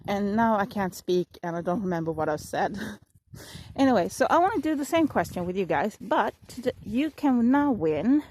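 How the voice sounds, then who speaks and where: A woman's voice: fairly high pitch, a little mellow, no room sound, low-quality recording. A woman chatting casually to her viewers in a vlog, rambling and apologizing with laughs while she walks her dog, filming on a handheld phone outdoors by a frozen river. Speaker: vlogger. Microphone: phone held in hand while walking a dog. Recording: windy outdoor phone recording.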